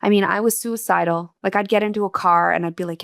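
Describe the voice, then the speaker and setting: A woman's voice: medium pitch, fairly even intonation, fast talker, gravelly, few pauses, dry recording, studio quality. A woman guest on an interview podcast, earnestly and candidly telling a personal story in a reflective, emotional way.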